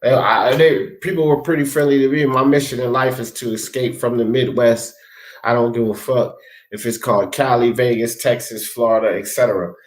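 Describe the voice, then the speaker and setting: A man's voice: mid-range voice, steady tone, brisk. A man hosting a casual talk stream, rambling as he reads viewers' comments aloud and speaks to them by name. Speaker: livestream host reading chat. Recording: echoey room.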